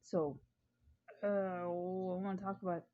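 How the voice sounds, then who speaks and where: A woman's voice: fairly low pitch, steady tone, moderate pace, dark tone, lo-fi sound. A woman vlogger telling a funny story in casual chat at home, chatty and prone to giggling.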